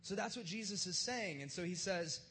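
A pastor giving a sermon at a church service in a casual, joking way, with plenty of slang. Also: male voice, sits high, expressive, normal speed, pushed and bright, slight background noise. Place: church service in front of a live crowd.

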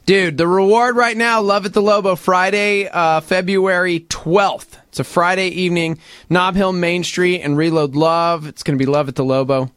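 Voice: medium pitch, steady tone, normal speed, a bit bright, clear, resonant tone, no room sound. A co-host of a morning radio show, upbeat and playful in the banter.

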